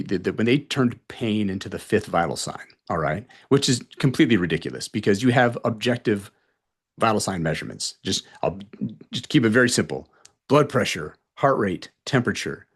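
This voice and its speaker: A man in his forties, an emergency physician guest on a podcast, telling blunt and animated stories and acting out the exchanges. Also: fairly low pitch, moderate pace, slightly rough. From North Carolina. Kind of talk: podcast interview storytelling.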